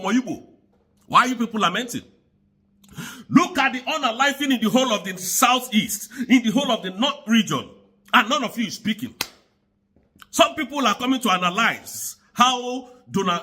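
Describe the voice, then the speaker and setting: A man's voice: sits high, sharp tone, husky. A man from Nigeria delivering an angry, insistent political rant to the camera, repeating his points. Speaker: political commentator.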